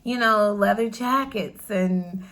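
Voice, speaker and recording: Young woman doing a q&a vlog, chatty and bubbly, says like a lot, mid pitch. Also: takes it slowly, fairly bright tone. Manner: chatty, bubbly, lots of "like" fillers, laughs easily. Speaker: vlogger. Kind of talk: casual Q&A chat to camera.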